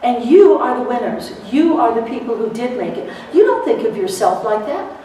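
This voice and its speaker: A middle-aged woman giving a lively motivational seminar to court reporters, telling stories and acting out what people said, laughing often. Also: fairly high pitch, moderate pace, a little hiss or hum. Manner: animated storyteller, laughs often, acts out quotes. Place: seminar hall. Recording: echoey hall, recorded from far off.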